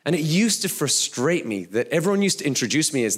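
A man's voice: a little high, sing-song, brisk, slightly rough. A man preaching a sermon, in a conversational, chatty manner with frequent fillers. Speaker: pastor.

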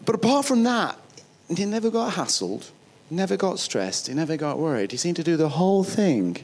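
A man's voice: fairly high pitch, very animated, moderate pace, a little mellow. A man with a northern English accent, preaching a sermon in a chatty, storytelling way that often restarts phrases. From northern England. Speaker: pastor.

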